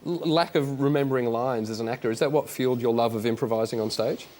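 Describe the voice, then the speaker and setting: A man's voice: mid-range voice, fast talker, darkish tone. A male talk show host asking guests questions in an upbeat, playful way. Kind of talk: interview questions. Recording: noisy studio with audience. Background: studio audience.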